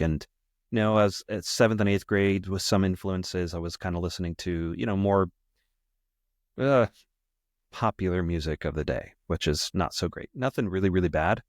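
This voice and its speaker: A middle-aged American man with a lowish voice recounts memories in a loose, rambling way. He circles back, repeats himself and corrects his own words as he talks. The sound is close and dry. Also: dry recording. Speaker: podcast host. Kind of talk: casual personal storytelling.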